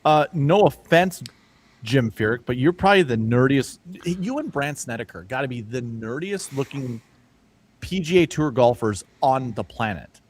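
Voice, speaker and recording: A man's voice: medium pitch, expressive, normal speed. A man hosting a sports betting podcast in casual chat, rambling and joking, laughing often. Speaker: podcast host.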